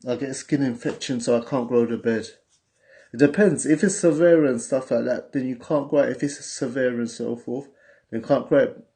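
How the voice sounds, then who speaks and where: On a casual livestream, a man with a London accent runs through viewer messages using street slang. He's from England and talks at a normal speed in a mellow, mid-range voice.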